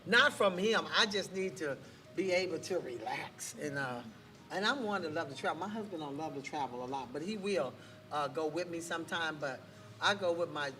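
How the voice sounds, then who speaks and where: A woman's voice: low-pitched, fairly bright tone. A woman in her fifties hosting a casual live talk show, chatty, laughing often as she reads viewer comments aloud.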